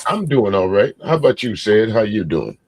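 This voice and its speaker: A man hosting a casual live stream chat show, talking in a laid-back, drawn-out way and chuckling often. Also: lowish voice, very animated, darkish tone, slightly rough, dry recording.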